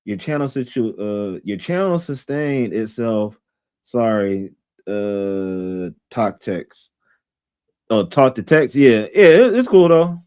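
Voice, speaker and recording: A man's voice: on the low side, expressive, slow pace, a little mellow, clean tone. A man in his thirties hosting a live reaction stream, joking in slang and chatting with viewers. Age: 30s. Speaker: livestream host. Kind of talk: casual live reaction commentary.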